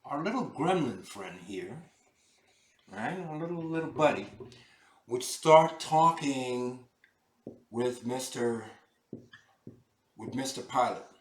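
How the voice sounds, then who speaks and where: A man giving an animated, storytelling lecture to a class. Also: medium pitch, slow, pauses often. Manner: animated, dramatic retelling. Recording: echoey room.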